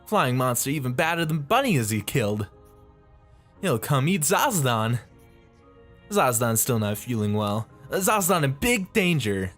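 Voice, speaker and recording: A man's voice: mid-range voice, sing-song, a little slow, fairly bright tone. A man voicing a small, fretful creature who speaks in broken third-person sentences, over faint music.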